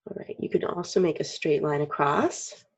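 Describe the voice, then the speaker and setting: Husky-voiced woman teaching drawing. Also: sits low, moderate pace. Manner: chatty, clears throat often, acts out expressions. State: frog in her throat. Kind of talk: casual drawing tutorial. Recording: dull lo-fi recording.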